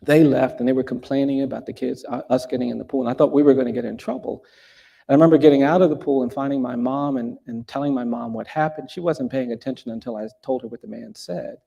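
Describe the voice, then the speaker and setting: A man's voice: mid-range voice, fairly even intonation, quick pace, gravelly, mellow, highs cut off. A middle-aged man telling a personal story in an earnest, reflective way, often restarting his sentences and rising for emphasis.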